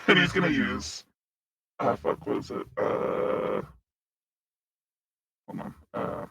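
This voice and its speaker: Man, high-ish voice, very lively pitch, bright tone, tabletop player, soft music behind. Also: slow, creaky, slightly rough. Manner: lively, laughs often, narrates his character's actions. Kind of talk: playing a tabletop game.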